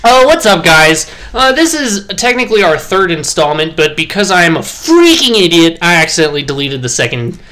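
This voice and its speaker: A young man co-hosting a casual podcast chat, animated and laughing often. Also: on the high side, a little fast, few pauses. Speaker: podcast co-host.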